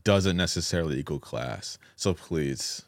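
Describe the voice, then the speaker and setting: Deep-voiced laid-back American man. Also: unhurried, no room sound. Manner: dry, laid-back storytelling. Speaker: podcast host. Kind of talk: casual chat.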